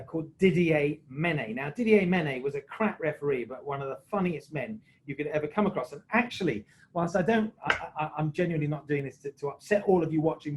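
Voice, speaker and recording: A man's voice: a little high, a little mellow, a little hiss or hum, poor audio. A man, a former rugby referee, telling jokey, self-mocking anecdotes on a video call. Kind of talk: anecdotal storytelling on a webinar.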